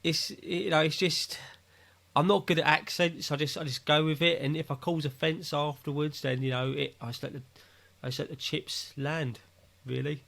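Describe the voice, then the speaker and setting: A man's voice: on the high side, steady tone, moderate pace, gravelly, a bit bright. A man co-hosting a podcast, rambling casually with self-mocking asides. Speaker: podcast co-host. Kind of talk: casual chat.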